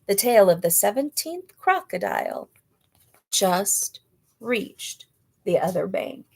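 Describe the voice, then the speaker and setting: A woman's voice: medium pitch, takes it slowly. Woman reading a children's book aloud. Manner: clear, expressive storytelling. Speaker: storybook reader.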